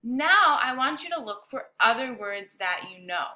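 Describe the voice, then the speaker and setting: A woman teacher leading a bilingual science lesson for children, speaking slowly and clearly with an encouraging classroom manner. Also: high-pitched, very animated, sharp tone.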